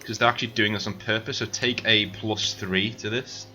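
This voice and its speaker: A man narrating a tabletop game as game master, halting with many fillers. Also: fairly low pitch, steady tone, pushed and bright, faint music behind.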